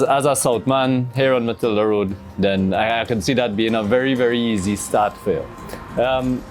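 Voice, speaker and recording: A man's voice: mid-range voice, a little mellow. A man with a Trinidadian accent hosting a farming show, asking questions in a conversational way, often ending with "right?". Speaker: TV host. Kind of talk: interviewing a guest.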